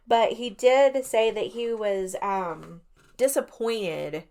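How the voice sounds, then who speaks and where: A woman's voice: medium pitch, takes it slowly, mellow. A woman co-hosting a radio talk show, casually retelling ghost stories with lots of fillers and skeptical asides. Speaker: podcast co-host.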